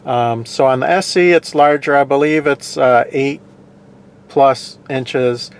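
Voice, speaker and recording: A man's voice: mid-range voice, slow, clean tone. A man hosting a casual car review, talking in a rambling, digressive way full of ums and uhs, from inside a parked car. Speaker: car reviewer and show host.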